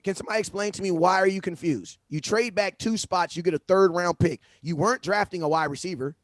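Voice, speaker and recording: A man hosting a livestream, talking sports in a casual, animated, slangy way and often repeating himself. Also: high-pitched, fast, no room sound, clean studio sound. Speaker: livestream host. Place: home livestream setup. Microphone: phone.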